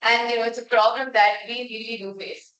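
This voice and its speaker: A woman's voice: on the high side, steady tone, a little fast, a bit bright, muffled recording. A young woman giving a frank, conversational evaluation of a speech at a club meeting, restarting her phrases now and then. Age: young adult. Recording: echoey room, voice from far off.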